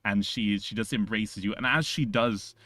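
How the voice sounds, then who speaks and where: Low-voiced, rambling male game master. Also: a bit bright, no echo. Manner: rambling, halting, lots of fillers and restarts. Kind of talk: narrating a tabletop game.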